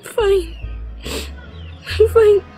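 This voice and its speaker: Grieving young woman, high tearful voice, soft music under. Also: fairly even intonation, drawn-out words, full character voice. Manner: tearful, pleading.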